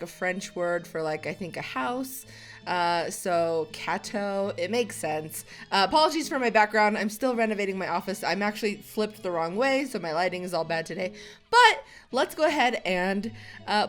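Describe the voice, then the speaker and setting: A woman hosting a casual game playthrough, chatting and reading the game's story text aloud in a bubbly way. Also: mid-range voice. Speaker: let's play host.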